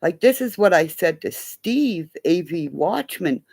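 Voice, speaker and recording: A middle-aged woman rambles through everyday stories in casual chat, swearing freely and acting out the voices of the people involved. Her voice sits low with a gravelly edge. She talks slowly, but her pitch swings widely. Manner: profane, animated, acts out quoted voices. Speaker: live streamer.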